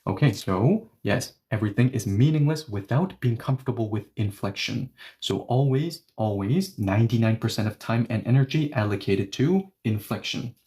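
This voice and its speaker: Man, language teacher, mellow warm tone, emphatic, repetitive explanations. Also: on the low side, expressive, moderate pace, hardly any pauses. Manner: emphatic, repetitive, drills example phrases. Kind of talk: explanatory online lesson.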